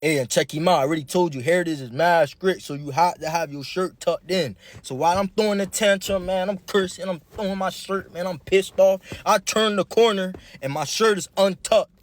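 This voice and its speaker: Animated young man telling a story. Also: high-pitched, a little fast, hardly any pauses. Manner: animated, slangy, addresses the listener directly. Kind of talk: casual storytime vlog.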